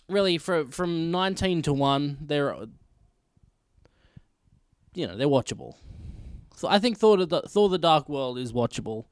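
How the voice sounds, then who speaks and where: A man's voice: on the high side, smooth, no room sound. Blunt swearing guy, dry close sound. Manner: blunt, profane, emphatic. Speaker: vlog host ranking films. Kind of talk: casual opinion rant.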